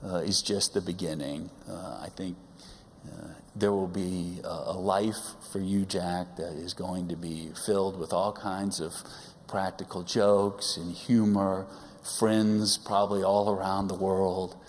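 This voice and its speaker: A middle-aged man with a very low voice speaks at a religious service, ribbing his son with dry jokes between hesitant pauses. His words ring out with a long reverb through a large sanctuary. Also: steady tone, a little mellow. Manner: wry, teasing humor with halting pauses. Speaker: father giving a speech at his son's coming-of-age service. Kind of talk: personal speech at a religious service.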